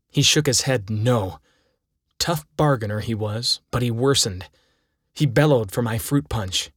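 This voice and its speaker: Man, storyteller, first-person reading, husky voice, dry sound. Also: lowish voice, a little slow, fairly bright tone, no echo. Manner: dramatic storytelling with acted quotes. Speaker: narrator.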